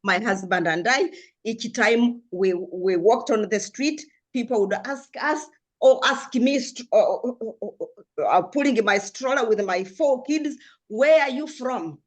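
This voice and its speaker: A woman's voice: on the high side, measured pace. An older woman from Africa, speaking as a panelist in a discussion, passionate and earnest, with frequent restarts.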